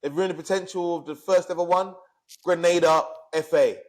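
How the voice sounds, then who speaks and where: A man's voice: high-pitched, fairly even intonation, moderate pace. A man, ranting and swearing as a podcast co-host in heated casual chat. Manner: angry, swearing, fired up.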